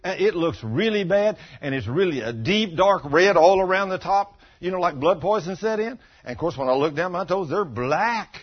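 A man's voice: high voice, moderate pace, few pauses, slightly rough, lo-fi sound. A man in his sixties preaching a folksy testimony sermon, telling stories and acting out the voices of the people in them. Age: 60s. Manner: animated storytelling, acting out quotes.

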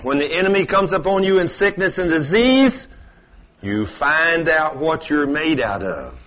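A man preaching a sermon, telling stories in a folksy way with dramatic swings in pitch and loudness. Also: very animated, unhurried, dull audio.

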